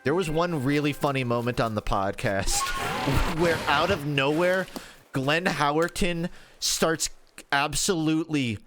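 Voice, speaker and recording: While streaming a video game, a man tells rambling, casual stories, swearing plenty and laughing along. His voice is fairly high and fairly bright, a little slow, with soft music in the background.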